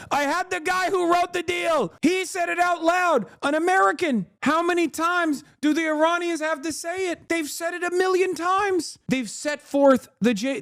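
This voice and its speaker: A man hosting a live stream, giving heated political commentary to his chat. He rants with constant profanity and drops into quick apologetic asides. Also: very high voice, dry recording, clean studio sound. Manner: profane, loud ranting, swings into apologetic asides.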